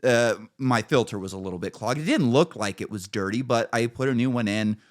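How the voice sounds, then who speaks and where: A middle-aged man with a hoarse throat, telling a profane story as podcast co-host. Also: medium pitch, brisk. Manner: profane storytelling, acts out quotes. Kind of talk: casual chat.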